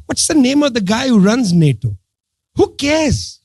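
A man's voice: extremely high pitch, big pitch swings, unhurried, darkish tone, no echo. A man giving an impassioned political talk to an audience, sarcastic and emphatic, driving his points home through repetition. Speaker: political speaker addressing an audience.

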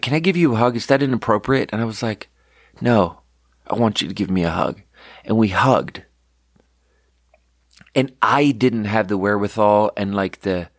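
A man's voice: lowish voice, no room sound, studio quality. A young man rambling candidly through personal stories on his podcast, swearing freely. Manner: candid, swearing, storytelling with quoted voices. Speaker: podcast host. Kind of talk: casual rambling monologue.

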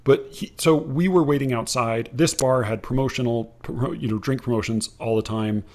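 A man in the middle of his pitch range tells a story on a podcast. He rambles wryly and corrects himself often as he goes. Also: moderate pace, darkish tone. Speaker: podcast host. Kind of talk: casual storytelling chat.

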